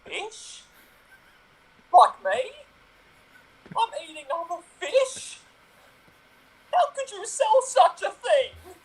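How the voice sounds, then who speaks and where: A man voicing a small, anxious young male clownfish in an improv comedy scene over a video call, indignant and shouting for help. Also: very high voice, big pitch swings, drawn-out words, long pauses, exaggerated voice, poor audio. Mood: outraged.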